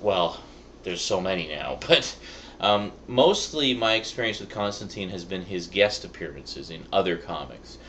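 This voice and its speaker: A man's voice: sits low, lively intonation, normal speed, fairly bright tone, slight background noise. A man hosting his own review show, chatting casually with wry, rambling asides. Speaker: video reviewer, show host.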